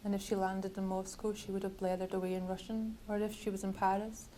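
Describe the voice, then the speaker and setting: Woman author, measured bookshop reading, level even delivery. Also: mid-range voice, slight background noise, low-quality recording. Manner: measured, literary reading with wry asides. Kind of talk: reading from her novel.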